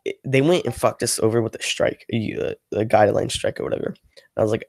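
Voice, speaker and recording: Frustrated rambling man, gravelly voice. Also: medium pitch, fairly even intonation, moderate pace, darkish tone, no room sound. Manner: rambling, frustrated, heavy on "like" fillers; swears freely. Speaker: ASMR channel creator, livestreaming. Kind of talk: casual livestream rant.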